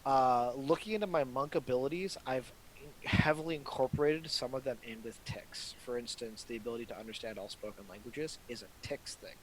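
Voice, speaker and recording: A man at a tabletop game talks through how his character works, casual and thoughtful. His voice sits at a middle pitch. A faint hiss runs under the recording. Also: fairly quick, low-quality recording. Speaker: player. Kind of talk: casual chat.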